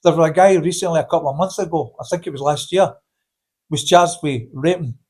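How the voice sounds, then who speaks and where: A Scottish man answering questions in a casual interview, blunt and forceful, often tagging on "right?". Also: a little high, fairly quick, husky. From Scotland. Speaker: interviewee, campaigner.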